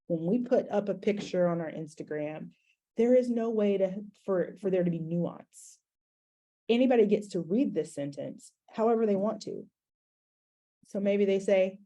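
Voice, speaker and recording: A woman's voice: mid-range voice, moderate pace, mellow. A middle-aged woman educator giving a conversational talk to an audience, with frequent fillers and restarts. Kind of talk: conference talk presentation.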